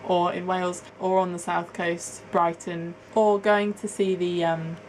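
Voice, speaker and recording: A woman's voice: lowish voice, level tone, a little slow, a little mellow, slight background noise, poor audio. A young woman from England chatting to camera as a vlogger, rambling and laughing at herself. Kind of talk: casual chat to camera, answering a tag.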